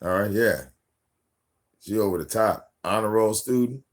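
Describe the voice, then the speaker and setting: A man in his forties, host of a live stream, telling casual stories about his daughter in a profane, animated way, acting out what people said. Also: on the low side, unhurried. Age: 40s. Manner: profane, animated, acts out quotes. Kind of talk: casual storytelling.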